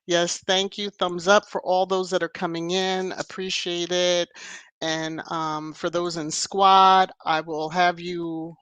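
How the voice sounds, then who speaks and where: Woman doing a chatty live stream, kinda low voice, slow and playful, dry close sound. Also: little pitch movement, a bit bright, clear, resonant tone, no room sound. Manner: playful, chatty, laughs often. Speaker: livestream host. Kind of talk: casual live-chat talk.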